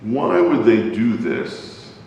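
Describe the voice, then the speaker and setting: A man's voice: big pitch swings, takes it slowly, creaky, a little mellow. A man teaching an adult Bible class in a conversational way, often asking the class questions. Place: church classroom. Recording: very echoey hall, far from mic, faint rumble.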